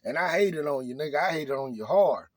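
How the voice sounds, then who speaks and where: A man, preaching at his audience in a loud, repetitive rant. His voice sits a bit higher than most men's, and the recording is dry and close with no room sound. He drives his point home with one rhetorical question after another. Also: animated, brisk, no echo. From Arkansas. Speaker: vlogger. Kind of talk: motivational rant to camera.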